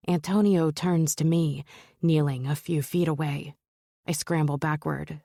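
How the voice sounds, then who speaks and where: A woman narrating a romance novel in first person, in a measured, steady storytelling manner. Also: low voice, dry recording, clean studio sound. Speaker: audiobook narrator.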